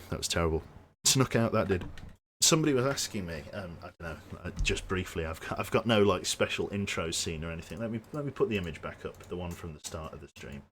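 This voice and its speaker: A man's voice: low-pitched, fairly bright tone, slight background noise. A man with a Birmingham accent chatting casually as a game streamer, rambling and chuckling, his voice tired and strained close to giving out. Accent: Brummie (Birmingham). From Birmingham, England. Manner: rambling, self-interrupting, chuckles often. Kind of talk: casual stream sign-off chat.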